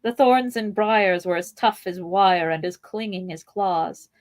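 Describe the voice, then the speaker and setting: A woman hosting a podcast, reading a novel aloud in a measured, expressive way with playful asides. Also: medium pitch, no echo.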